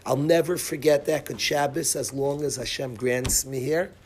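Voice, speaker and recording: A middle-aged man, a rabbi, telling a personal story to his class in a lively way, with asides, restarts and chuckles. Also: mid-range voice, normal speed, slight background noise. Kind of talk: animated storytelling to students.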